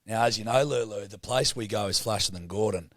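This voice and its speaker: A man's voice: lowish voice, fairly quick, dry recording, clean studio sound. A man co-hosting a casual podcast, telling a story full of swearing and acting out the people in it. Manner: sweary, animated storyteller who acts out the people in his tales. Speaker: podcast co-host.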